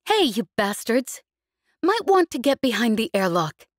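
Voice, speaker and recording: Woman narrator doing a brash, cocky pilot heroine in an audiobook, teasing and urgent, higher and louder than the narration. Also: very animated, measured pace, husky, dry recording, clean studio sound. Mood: shouting.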